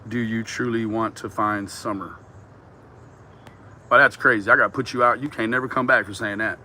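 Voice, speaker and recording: A man chatting casually with viewers on a livestream, animated and joking, swearing and laughing often. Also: fairly low pitch, normal speed, a little hiss or hum. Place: outdoors in a backyard.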